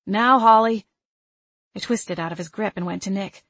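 A woman narrating a first-person novel with an expressive, emotional reading. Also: lowish voice, quick pace, vocal fry, breathy edge, no room sound. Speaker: audiobook narrator.

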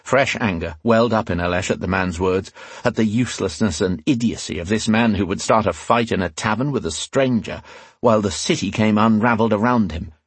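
Low, husky male audiobook narrator. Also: dry recording. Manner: measured, dramatic reading. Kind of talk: scripted fantasy narration.

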